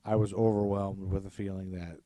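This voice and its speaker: A man's voice: low voice, level tone, a little fast, warm tone, dry recording. A man co-hosting a podcast, chatting casually and animatedly, swearing freely and trailing off with fillers. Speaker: podcast co-host. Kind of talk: casual chat.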